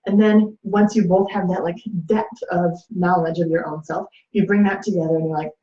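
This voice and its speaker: Speaking at a moderate pace in a lowish, dark voice with fairly even intonation, this female host rambles casually through relationship advice. She uses many fillers and performs the quoted lines, and the room is echoey with dull lo-fi audio.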